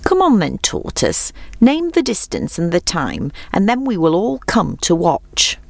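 A woman voicing a brisk, teasing fox in a storybook reading. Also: lowish voice, huge pitch swings, vocal fry, dry recording, full character voice.

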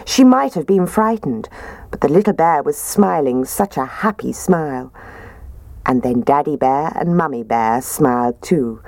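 A woman reading a children's storybook aloud in a gentle, expressive way. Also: deep voice, a little slow, dry recording.

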